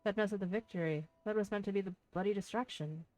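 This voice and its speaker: A woman voicing a coarse, scheming male tavern keeper in a rough put-on Irish-sounding brogue, reading game lines aloud. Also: mid-range voice, fast, a little mellow, no echo, lightly acted. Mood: gruff. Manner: swearing, blunt, drawled.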